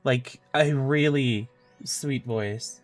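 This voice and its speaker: A man's voice: medium pitch, drawn-out words, faint music behind. A male streamer chatting loosely and swearing freely, then reading fan fiction aloud. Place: home streaming setup.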